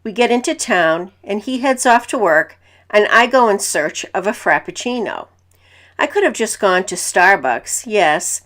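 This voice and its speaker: A woman narrating reader-submitted stories in the first person, in an even, matter-of-fact way. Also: medium pitch.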